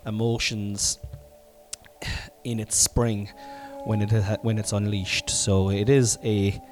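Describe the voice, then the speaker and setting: A middle-aged Irish man hosting a podcast from home while sick, coughing now and then, rambling and swearing, with sudden loud bursts. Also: fairly low pitch, level tone, takes it slowly, soft background music. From Ireland. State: sick with covid, congested and coughing. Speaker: podcast host. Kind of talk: casual solo podcast monologue.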